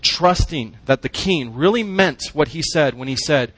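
A man's voice: on the high side, expressive, unhurried, fairly bright tone, breathy edge, dry recording. A man preaching a sermon, emphatic, using short punchy phrases and asking the congregation questions. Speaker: pastor.

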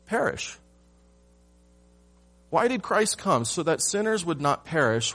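Male pastor, measured sermon delivery, rhetorical questions, soft music underneath. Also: mid-range voice. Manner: rhetorical questions, swings from loud emphasis to hushed.

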